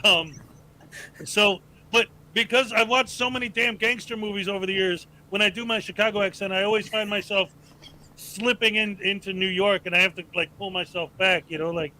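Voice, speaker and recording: A man's voice: sits high, brisk, bright, forceful tone, rough recording. A man hosting a casual livestream, chatty and laughing often as he thanks supporters and hypes viewers. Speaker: livestream host. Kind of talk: casual live chat reading donations.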